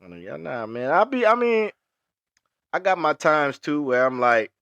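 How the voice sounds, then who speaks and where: A young adult man co-hosting a podcast in casual chat, telling stories, often laughing and jumping up high to quote other people. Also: moderate pace, no echo, lo-fi sound. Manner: animated storyteller, acts out high-pitched quotes, laughs often. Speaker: podcast co-host.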